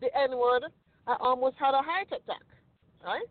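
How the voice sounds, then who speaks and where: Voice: sits high, measured pace. Jamaican storyteller on a tinny line. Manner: animated storyteller with frequent restarts. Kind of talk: casual podcast conversation. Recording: tinny phone-line recording, dry.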